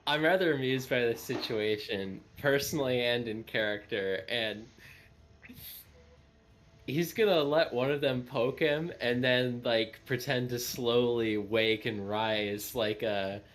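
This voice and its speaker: A man's voice: mid-range voice, measured pace, a bit bright. A man playing a tabletop role-playing game, amused, describing what his character does. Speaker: player. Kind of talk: casual tabletop role-play.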